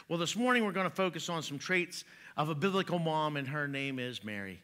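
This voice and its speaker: A man's voice: fairly high pitch, lively intonation, fairly quick, bright, forceful tone. A man preaching a sermon in a church, joking in a folksy way and chuckling at his own jokes. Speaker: pastor. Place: church sanctuary.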